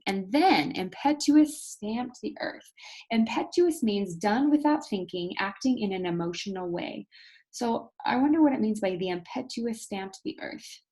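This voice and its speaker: A woman teacher giving a recorded video lesson, patiently explaining things and talking straight to her students, with expressive storytelling emphasis. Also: medium pitch, breathy edge.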